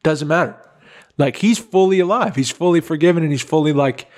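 Young man, earnest casual podcast talk, slightly high voice, heartfelt. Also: fairly quick, a little mellow. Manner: earnest, heartfelt, full of "like" and "bro". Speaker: podcast co-host. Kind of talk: casual chat.

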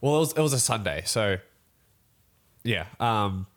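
A young man, telling a story in a casual podcast chat and acting out other people's voices as he goes. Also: on the low side. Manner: animated storytelling, quick laughs, acts out voices.

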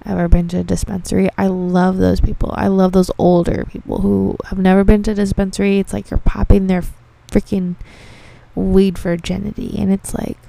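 A woman's voice: mid-range voice, flat delivery, normal speed, vocal fry, mellow, dry recording. A young woman hosting a casual podcast monologue, rambling, swearing freely and filling with "like". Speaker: podcast host.

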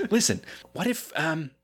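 A man plays an eager, bumbling rookie superhero in an improvised comedy audio episode. His voice is excitable and animated, and it keeps cracking up into squeaky highs. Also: slight background noise, heavily acted. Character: bumbling new male superhero, eager and clueless. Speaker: podcast host.

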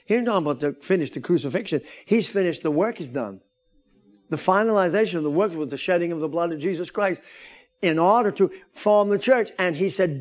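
High-pitched preaching man. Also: lively intonation, normal speed. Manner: preaching with rising, shouted emphasis and calls for amens. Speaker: pastor. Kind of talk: sermon.

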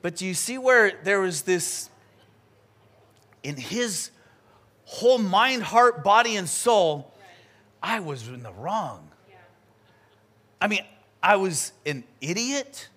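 A man, a pastor, preaching a sermon and telling a personal story in a lively, chatty way. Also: high voice. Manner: animated storytelling with quick asides.

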